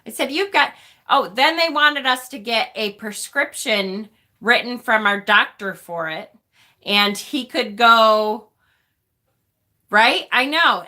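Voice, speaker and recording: A middle-aged woman hosts a casual livestream, speaking bluntly, swearing freely and laughing a lot. Her voice sits a little high and has a sharp tone.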